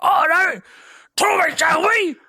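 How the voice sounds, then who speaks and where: A man doing an impression of a gruff, mumbling British male movie tough guy. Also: very high voice, takes it slowly, bright, forceful tone, shouting, voice pushed up, heavily acted. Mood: aggressive.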